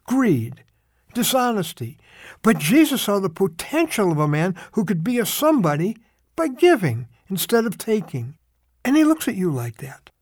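A middle-aged man giving a short radio devotional, telling a story in an animated, conversational way. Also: high voice, dry recording, clean studio sound.

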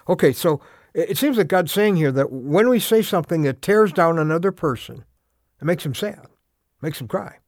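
A man's voice: on the high side, lively intonation, moderate pace, darkish tone, dry recording, clean studio sound. Earnest man preaching conversationally. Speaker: radio preacher. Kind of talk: devotional radio sermon.

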